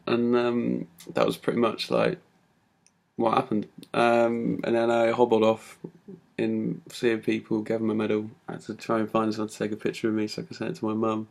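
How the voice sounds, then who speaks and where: A man's voice: mid-range voice, steady tone, fairly quick, vocal fry, a little mellow. A man telling a personal story in a talk, casual and full of fillers. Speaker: speaker giving a talk.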